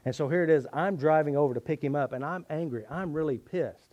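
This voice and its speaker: A middle-aged man teaches a tapping therapy method, recounting a personal story in an earnest, confessional way with shifting emphasis. His voice is fairly high and darkish in tone, delivered fast with few pauses, and the sound is lo-fi.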